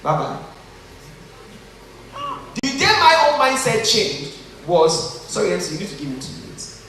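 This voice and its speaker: A man's voice: high voice, sing-song, normal speed, a bit bright, a little hiss or hum. A man with a Nigerian accent giving a motivational conference talk, joking and earnest by turns, heard from a distance in a large hall. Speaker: conference speaker. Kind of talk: motivational talk to a live audience. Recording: echoey hall from far off.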